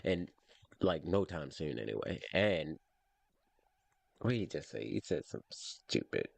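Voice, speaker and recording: A man's voice: very deep voice, sing-song, a little slow, vocal fry, husky, no room sound. A man streaming a casual reaction to a speech, scoffing and sarcastic as he comments.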